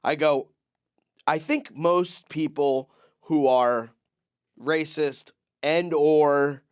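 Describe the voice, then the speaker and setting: Animated man telling a story, higher voice. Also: extremely slow, clean tone. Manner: animated storytelling, acts out other people's lines, laughs often. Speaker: podcast co-host. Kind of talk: casual comedic chat.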